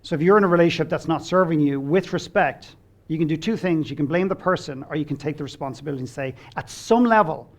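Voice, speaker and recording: A man with a gravelly, creaky edge to his voice, pitched somewhat higher than most men. He talks as a guest coach in an earnest, blunt conversational way. He acts out bits of quoted dialogue and swears without fuss. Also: fast. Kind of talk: conversational storytelling.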